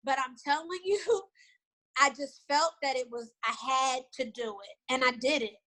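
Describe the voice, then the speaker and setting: A middle-aged woman telling a story on a video call, animated and repeating herself. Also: sits high, normal speed, poor audio. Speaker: guest. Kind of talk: casual video call chat.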